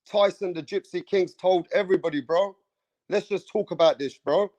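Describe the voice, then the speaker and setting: A man's voice: sits high, moderate pace, a little mellow, lo-fi sound. A man hosting a boxing channel, ranting hard at camera, swearing often and repeating himself. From England. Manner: fired-up, profane, repeats himself, keeps saying bro. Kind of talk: heated opinion rant to camera.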